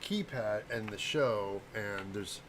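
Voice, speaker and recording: Over a noisy background, a middle-aged Midwestern man talks slowly in a fairly low voice to his livestream viewers. He's the host and a prop maker, and his loose chat rambles and stumbles over names.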